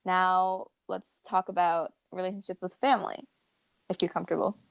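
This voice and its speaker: A woman's voice: on the low side, little pitch movement, normal speed, gravelly, dry recording. A young woman co-hosting a podcast, talking casually and rambling with many fillers and restarts. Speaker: podcast co-host. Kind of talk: casual chat.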